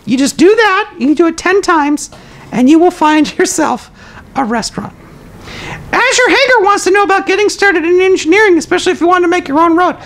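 A man's voice: extremely high pitch, lively intonation, brisk, a bit bright, a little hiss or hum, full character voice. A man voicing a zany toilet paper roll puppet who hosts a comedic live stream. The puppet hands out absurd life advice in a matter-of-fact way and chats with viewers, with hesitant fillers.

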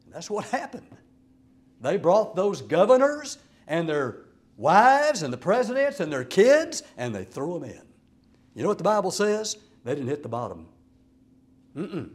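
Man, evangelist sermon, dramatic storytelling, animated pitch, somewhat high voice. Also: measured pace. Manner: dramatic storytelling, swings between loud exclamations and hushed asides. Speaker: evangelist preacher.

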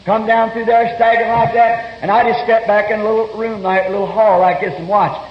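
High-voiced man preaching on old tape. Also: level tone, brisk. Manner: earnest storytelling, bursts of shouting. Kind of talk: fervent sermon. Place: church meeting hall. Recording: roomy lo-fi 1961 sermon tape.

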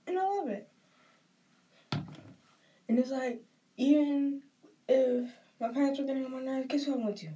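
A woman's voice: high-pitched, moderate pace, long pauses, warm tone, recorded from a distance, a little hiss or hum. A young woman with a Southern US accent talks casually and emotionally while getting ready, rambling and saying "like" a lot. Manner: rambling and emotional, often says "like". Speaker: vlogger.

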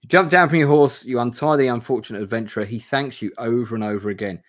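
A man's voice: medium pitch, quick pace. A man streaming a gamebook play-through from home on camera, reading aloud casually, swearing and chatting to viewers. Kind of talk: live reading and casual chat. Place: home room.

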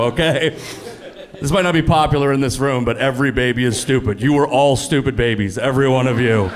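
Profane stand-up comic, rising to loud punchlines. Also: male voice, fairly high pitch. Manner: deadpan, profane, builds to loud exasperated punchlines. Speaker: stand-up comedian. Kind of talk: stand-up comedy set. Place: comedy venue with live audience. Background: audience laughter.

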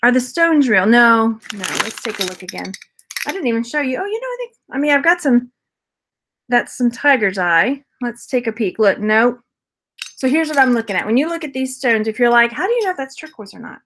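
A woman reseller vlogger talks through a thrift jewelry unboxing in a relaxed, rambling way. Her voice sits a little high, and she laughs often and chats with her viewers as she goes. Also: a little fast, a little hiss or hum. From Texas. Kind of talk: casual unboxing haul chat.

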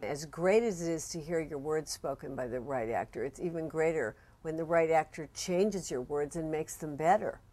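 A woman's voice: low voice, moderate pace, hardly any pauses, mellow. A woman screenwriter speaking reflectively in a documentary interview. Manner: reflective, conversational.

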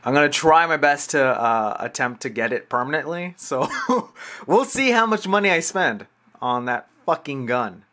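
Excitable swearing young gamer guy. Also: on the high side, normal speed. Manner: swearing, self-deprecating, excitable. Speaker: gameplay commentator. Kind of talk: casual gameplay commentary.

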